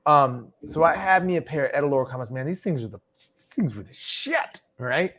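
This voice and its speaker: A man's voice: medium pitch, lively intonation, normal speed, a bit bright. A man hosting a podcast, telling stories loosely and chattily, often asking "right?". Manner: loose, chatty, frequent "right?" and "you know". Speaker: podcast host. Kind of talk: casual podcast storytelling.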